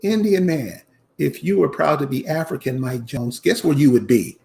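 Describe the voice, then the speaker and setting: A man's fairly high, creaky voice with a darkish tone moves at a moderate pace. He is a channel host on a casual commentary rant, insistent and preachy, restating his points and calling out to "y'all."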